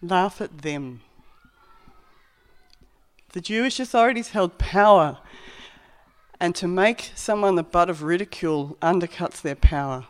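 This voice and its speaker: A preacher delivering a sermon in a reflective, conversational tone. The voice sits at a middling pitch and keeps a plain storytelling manner. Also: expressive, measured pace, pauses often.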